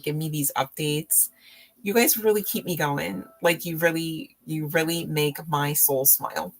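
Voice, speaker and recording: A woman reading tarot on a live stream, chatting casually with viewers, laughing often and teasing them. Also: low-pitched. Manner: slow, drawn-out speech with fillers.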